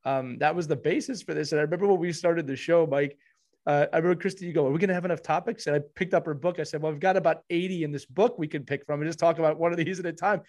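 A man hosting a hockey podcast, chatting casually and warmly, with frequent restarts and repeated words. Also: on the high side, rapid-fire. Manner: warm, rambling, many restarts. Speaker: podcast host.

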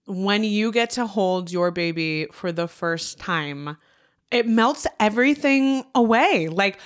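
Woman host, 30s, casual podcast chat, emotional and profane, clear polished tone. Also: mid-range voice. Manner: heartfelt, swears freely, near tears.

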